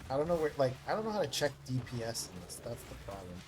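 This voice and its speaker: Guy streaming a game, rambly and filler-heavy, mid pitch, faint hum behind. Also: sing-song, fast talker. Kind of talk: casual live-stream chat.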